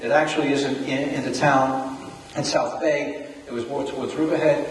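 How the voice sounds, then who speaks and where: A man with a New York accent announcing club news at a meeting, chatty and halting, with many fillers. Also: mid-range voice, fairly even intonation, a little hiss or hum. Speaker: club member presenting new business. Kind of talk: casual meeting talk. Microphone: distant room recording. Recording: echoey hall recorded from far off.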